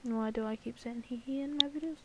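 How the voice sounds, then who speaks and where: Woman, slightly high-pitched, casual rambling map commentary, jokey with playful sound effects. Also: fast, noisy background. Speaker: channel host. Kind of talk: casual commentary over an alternate-history map.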